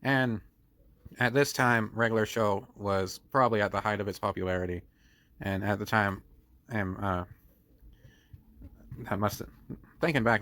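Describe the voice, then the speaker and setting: A man's voice: lowish voice, a bit bright. A young man casually telling a school story in a rambling manner, often correcting himself as he goes. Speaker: vlogger.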